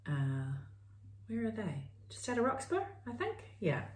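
A woman's voice: a little high, huge pitch swings, measured pace. A middle-aged New Zealand woman co-hosting a crafting podcast, chatting in a meandering way and thinking aloud. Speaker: podcast co-host. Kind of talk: casual crafting chat. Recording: roomy, mic at a distance.

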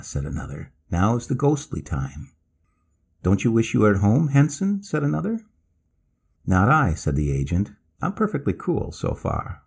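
A man narrating a classic ghost story, reading it with lively delivery and acting out the characters' lines. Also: deep voice, creaky, husky. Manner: lively, acts out quoted speech in narration.

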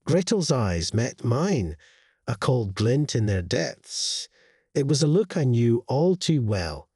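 A man narrating a horror story in a slow, grave storytelling manner with lively intonation, in a dry, close studio voice-over. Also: mid-range voice, husky, dry recording.

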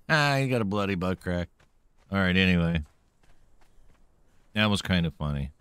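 A man's voice: sits low, big pitch swings, measured pace, fairly bright tone, clear, resonant tone, dry recording. A man streaming a video game, playfully talking to himself and taunting the enemies he meets, a little caffeinated. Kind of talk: let's-play gameplay commentary.

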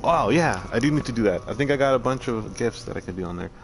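Talking to his chat while gaming, this streamer curses freely and mutters to himself. He has a creaky, mid-range voice with lively intonation and a quick pace, over a little hiss or hum.

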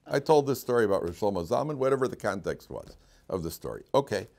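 Rabbi teaching a class, lively storyteller, lowish voice, acts out the quotes. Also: male voice, fast talker, vocal fry. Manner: animated storyteller, acts out quotes and laughs often. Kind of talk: storytelling Torah lecture.

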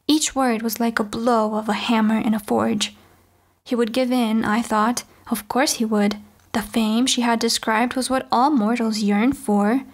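A woman reading a novel aloud as an audiobook, in measured first-person storytelling. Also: on the high side, steady tone. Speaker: audiobook reader. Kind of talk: audiobook narration.

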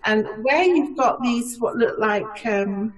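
A woman's voice: fairly high pitch, animated, takes it slowly, distant mic, low-quality recording. A woman on a video call, earnestly giving her view as a panelist with many fillers. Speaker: conference panelist. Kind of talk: casual video call discussion.

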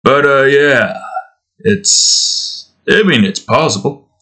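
A man talks loosely to his viewers while he draws. His voice is bright and forward, at a middle pitch. He rambles, trips over his words and laughs at himself. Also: expressive, unhurried. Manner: rambling, self-deprecating, restarting. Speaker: art channel host. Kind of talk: casual chat while drawing.

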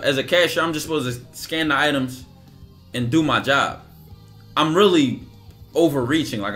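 A man with a bright, fairly high voice holds forth in a loose livestream monologue. He talks with heavy emphasis and slips into quick acted-out exchanges. Faint music plays underneath. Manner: casual, emphatic, acts out dialogue. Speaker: streamer.

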